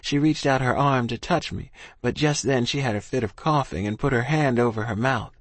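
A man reads a first-person story aloud in an earnest, steady manner. His voice sits at a middle pitch, and the recording is dry and close. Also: normal speed, dry recording. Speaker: audiobook narrator.

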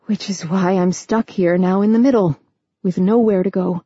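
A woman's voice: medium pitch, steady tone, moderate pace, dark tone, husky, dry recording, dull audio, natural voice. A woman narrator voicing an anxious young woman who speaks in a hesitant, strained way.

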